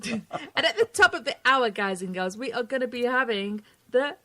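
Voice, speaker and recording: A woman's voice: a little high, lively intonation, normal speed, background noise. Chatty British woman co-hosting radio. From England. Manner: chatty, giggly, reads chat messages. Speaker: co-host. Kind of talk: casual radio chat.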